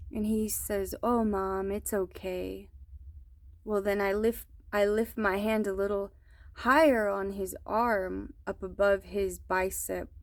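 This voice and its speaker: A mother slowly and earnestly recounting a troubling dream, with hesitant pauses. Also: mid-range voice, no echo. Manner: slow, earnest, hesitant storytelling. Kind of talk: personal testimony.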